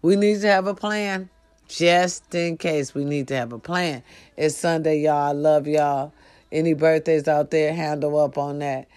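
A woman vlogger talking straight to her followers in a casual, preachy, profane monologue that swings from low murmurs to loud outbursts. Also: steady tone, unhurried, smooth. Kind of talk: casual direct-to-camera monologue.

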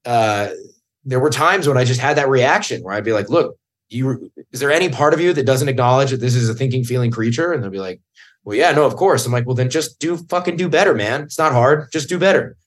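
A man's voice: mid-range voice, animated, a little fast. A man in casual podcast talk, blunt and swearing, who gets heated when he acts out what he said back then. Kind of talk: casual chat.

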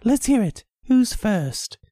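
A woman's voice: a little high, very animated, slow pace, mellow, dry recording, studio quality. A woman co-hosting a comedy podcast, giving mock-grandiose theatrical critiques of poetry. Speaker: podcast co-host.

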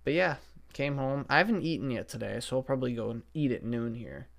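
A man's voice: medium pitch, lively intonation, brisk, gravelly. A young man hosting a casual solo podcast from a basement at home, rambling and cursing in an exasperated way into his podcast microphone. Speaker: podcast host. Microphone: podcast setup microphone.

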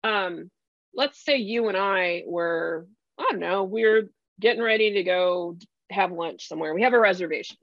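A woman's voice: fairly low pitch, normal speed, no room sound, muffled recording. A woman coach being interviewed, chatting casually and acting out little quoted scenes as she explains. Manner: chatty, animated storytelling with acted-out quotes. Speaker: podcast guest, career strategy coach.

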